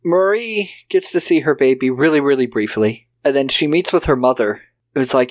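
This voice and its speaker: A man co-hosting a podcast talks through a film scene by scene, his voice sitting at a middle pitch. He acts out the characters' lines with loose impressions. He swears casually as he goes. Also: normal speed. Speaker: podcast co-host. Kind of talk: casual film-recap chat.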